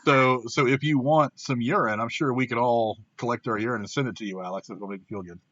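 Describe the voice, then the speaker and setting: Bright-voiced joking man, lo-fi audio. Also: mid-range voice, steady tone, fairly quick, slight background noise. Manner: joking, crude banter. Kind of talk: casual live-stream chat. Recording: dull lo-fi stream audio.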